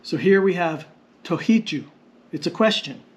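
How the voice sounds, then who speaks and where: A man teaching vocabulary in a patient, explanatory lesson, repeating words slowly and deliberately. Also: sits high, expressive. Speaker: language teacher. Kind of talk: slow explanatory lesson narration.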